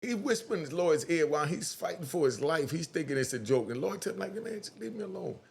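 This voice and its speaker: A man hosting a casual online commentary, talking straight to his viewers in an animated way and acting out quotes. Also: on the high side, quick pace, gravelly.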